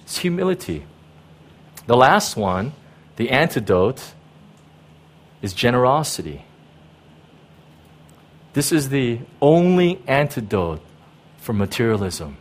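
A man's voice: medium pitch, very animated, slow, long pauses. A pastor preaching a sermon in an emphatic way, repeating key words and often checking in with his listeners.

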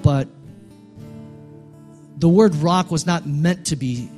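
A male pastor preaching a sermon, building to loud, emphatic peaks and dropping quiet again. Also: a little high, takes it slowly, faint music behind.

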